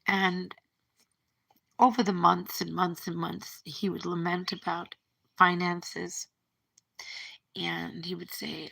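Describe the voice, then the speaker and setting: A woman's voice: on the low side, fairly even intonation, slow pace, gravelly, pauses often, sharp tone. A middle-aged woman talking through a breakup on a phone livestream, rambling and repeating her words as she retells what was said. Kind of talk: emotional personal monologue.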